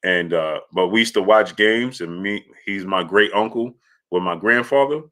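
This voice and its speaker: Casting note: a man with a bright, forceful voice hosting a laid-back sports stream, telling rambling stories and greeting chat viewers. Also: fairly low pitch, normal speed. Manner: loose storytelling, shouting out chat viewers by name. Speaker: livestream sports show host. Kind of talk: casual live-stream chat.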